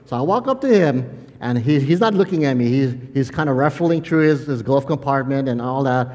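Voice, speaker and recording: Male pastor preaching in a sermon, lively storytelling then earnest, mid-pitched voice, long hall reverb. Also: fairly quick. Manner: animated storytelling, laughing often, then quiet and earnest.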